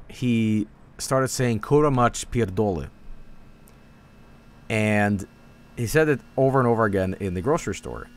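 In this casual gameplay commentary, a streamer with a lowish, slightly bright voice chats and swears his way through tasks and stories. He rambles, curses freely, and is easily startled.

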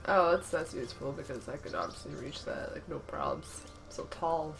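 A woman's voice: rumbling low, big pitch swings, brisk, creaky, fairly bright tone, slight background noise. Sarcastic woman commentating a game. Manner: sarcastic, talks to the game, laughs and yelps often. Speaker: gameplay commentator. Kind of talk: casual let's-play commentary.

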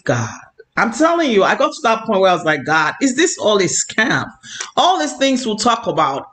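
A man's voice: high-pitched, a bit bright. A man who preaches online, telling a personal faith testimony in an earnest, repetitive way with many fillers.

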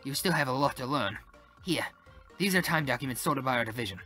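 A man's voice: medium pitch, animated, fairly quick, sharp tone, soft background music. A man reading a strict senior time-records officer aloud in a put-on French accent, lecturing a newcomer. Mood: stern lecturing. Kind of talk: reading game dialogue aloud.

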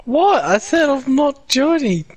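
A man's voice: extremely high pitch, big pitch swings, unhurried, no room sound. A man in casual chat with a friend, blunt and teasing, with casual swearing. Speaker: friend of the host.

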